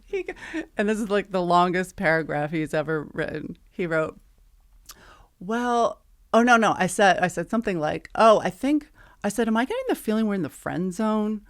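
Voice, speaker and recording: A woman's voice: medium pitch, lively intonation, moderate pace. A middle-aged woman co-hosting a podcast, chatting casually and telling a story, acting out the dialogue with plenty of laughs. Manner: chatty, re-enacts texts and dialogue with frequent laughs. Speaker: podcast co-host.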